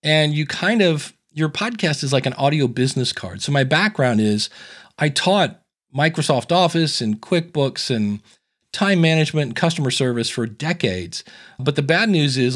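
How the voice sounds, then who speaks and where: A man with a slightly higher-than-average pitch and a resonant, radio-ready voice, talking as a podcast guest. He tells stories in a chatty, animated way and acts out the people he quotes. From Ohio. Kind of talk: casual interview storytelling.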